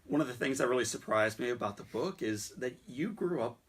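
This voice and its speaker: Podcast host: a man with a husky voice, earnest in questioning and storytelling. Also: medium pitch, lively intonation, brisk. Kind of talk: interview.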